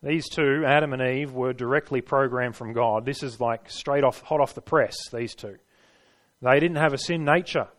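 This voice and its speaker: A man preaching in a church, measured and emphatic, repeating phrases for rhythm and stressing key words. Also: mid-range voice, fairly bright tone. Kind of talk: sermon.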